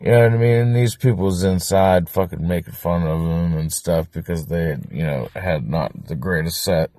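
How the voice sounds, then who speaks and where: A man interviewed about his former band, talking in a rambling, profane, excitable way and laughing often. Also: sits low, moderate pace, no echo. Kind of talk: casual documentary interview.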